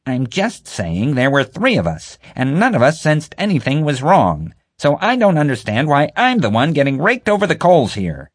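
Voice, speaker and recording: A man's voice: fairly high pitch, wildly swooping pitch, moderate pace, breathy edge, no echo, studio quality, pitched above the performer's own voice, heavily acted. A man voicing a defensive middle-aged woman who protests and whines about being blamed. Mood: indignant. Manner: whiny, protesting.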